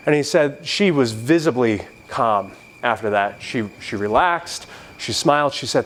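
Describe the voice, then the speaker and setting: A man's voice: mid-range voice, lively intonation, a little slow, fairly bright tone. A man in his thirties giving a convention keynote, provocative and joking, with a preacher-like delivery. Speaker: keynote speaker. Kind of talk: convention speech. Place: convention stage.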